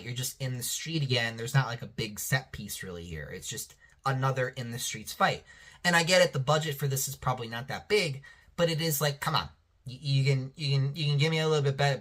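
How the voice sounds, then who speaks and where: A male reviewer chats loosely about a show, swearing freely and circling back with restarts and fillers. His voice is bright and edgy. His pitch rises and falls in lively swings. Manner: rambling, profane, lots of restarts and fillers. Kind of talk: casual review chat.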